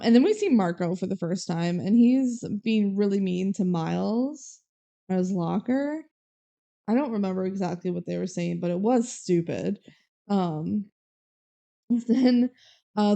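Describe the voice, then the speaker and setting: A woman's voice: mid-range voice, dark tone, dull audio. A young woman co-hosting a podcast, recapping a movie in casual chat and laughing as she quotes scenes. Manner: chatty, giggly, quotes scenes in small acted voices. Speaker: podcast co-host.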